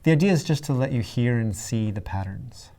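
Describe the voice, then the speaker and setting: A man who teaches writing narrates a scripted lesson in a relaxed, mellow tone at a middling pitch. His delivery is clear and deliberate, with heavy stress on his example words.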